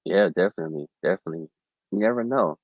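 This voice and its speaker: A man talking as a guest in a casual chat, halting and hesitant, with many fillers. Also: deep voice, a little hiss or hum. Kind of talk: casual conversation. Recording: dull lo-fi audio.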